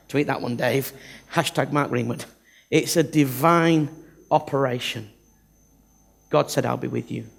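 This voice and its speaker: A man's voice: a little high, vocal fry, slightly rough. A man from the north of England, preaching a humorous, self-deprecating sermon to a church congregation. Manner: humorous, self-deprecating, acts out Bible characters. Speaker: visiting preacher.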